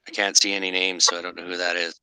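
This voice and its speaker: A man hosting a livestream and chatting in a relaxed way. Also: low-pitched, fast, clear, resonant tone, dry recording, low-quality recording. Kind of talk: casual chat.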